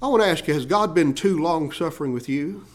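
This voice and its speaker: A male pastor preaching with a high-pitched voice. He asks rhetorical questions and slips into the voices of the people in his story as he goes. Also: animated, fairly quick. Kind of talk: sermon.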